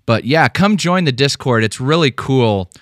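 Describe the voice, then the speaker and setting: A man's voice: medium pitch, animated, normal speed, no echo, studio quality. A man co-hosting a casual podcast, telling stories full of fillers and restarts. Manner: rambling storytelling with many fillers and restarts. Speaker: podcast co-host.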